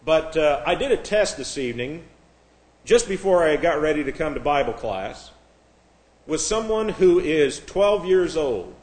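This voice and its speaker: Man, Bible class teacher, slightly high voice, spells words out, echoey room. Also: big pitch swings, measured pace, darkish tone. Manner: spells out words letter by letter, many restarts. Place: church classroom.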